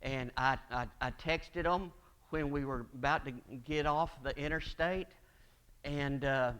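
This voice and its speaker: A man's voice: a little high, fairly even intonation, measured pace, a bit bright, clean tone. A middle-aged man preaching a sermon, telling folksy stories and acting out the voices of the people in them. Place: church sanctuary.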